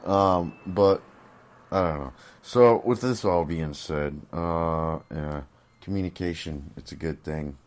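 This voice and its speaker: Laid-back low-voiced man chatting. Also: slow. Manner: laid-back, agreeable, trails off with fillers. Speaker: podcast co-host. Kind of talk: casual chat.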